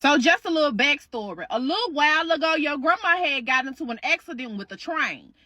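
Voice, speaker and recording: A woman's voice: high-pitched, animated, a little fast, pushed and bright, no echo. A woman telling a story in the second person, chatty, slangy and profane. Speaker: storytime host.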